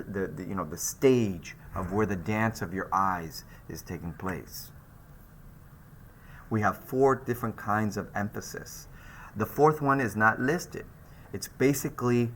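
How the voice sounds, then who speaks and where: Male art teacher, recorded lecture, animated pitch, casual delivery with restarts. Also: a little hiss or hum. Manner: lively, conversational, with frequent restarts and fillers. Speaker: art instructor.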